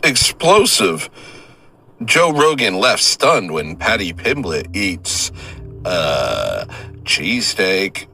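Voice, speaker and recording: Deep slow male voice, bright edge, halting comic delivery, faint noise behind. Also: very animated, gravelly. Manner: halting, slow, trips over words with uh and restarts. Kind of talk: comedic rambling monologue.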